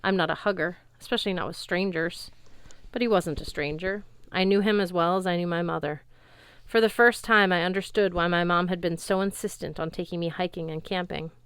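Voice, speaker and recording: A woman giving a steady, wry first-person audiobook narration in a studio. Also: on the low side, a little fast, clean tone, no echo.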